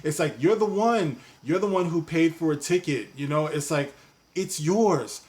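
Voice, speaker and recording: A man with a fairly high voice rants in a casual vlog commentary. He rambles, circles back over his points and keeps asking "you know what I mean?". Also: normal speed, a little mellow. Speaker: commentary vlogger.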